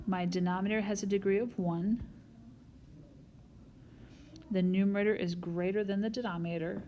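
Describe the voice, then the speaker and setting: A woman's voice: medium pitch, steady tone, moderate pace, warm tone, a little hiss or hum. A woman math teacher recording a whiteboard lesson, explaining each step patiently and talking straight to her students.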